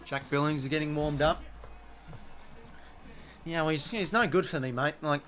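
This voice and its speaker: A young Australian man hosts a live sports watch-along, chatting casually and reacting to the play. His voice is fairly high and a bit bright, at a normal speed.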